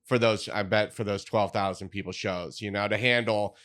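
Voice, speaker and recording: A man co-hosts a casual chat, feeling his way through each thought with hesitant restarts. His low voice comes across smooth and resonant. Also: fairly even intonation, moderate pace, fairly bright tone.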